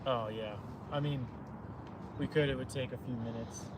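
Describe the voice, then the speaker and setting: A man's voice: medium pitch, steady tone, moderate pace, distant mic, noisy background. A man hosting a live product demo outdoors beside a car, talking loosely with many fillers, recorded on a phone's camera audio. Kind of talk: casual livestream how-to talk. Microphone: phone camera audio, no wireless mic.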